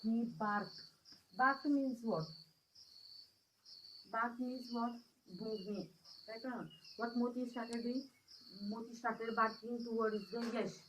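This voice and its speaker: Brief: Indian-accented woman teacher, fairly high pitch, patient, repeats and quizzes the class. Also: fairly even intonation, slow, long pauses, fairly bright tone, a little hiss or hum, poor audio. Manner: repetitive, checks understanding with questions. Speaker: schoolteacher. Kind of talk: English lesson story reading.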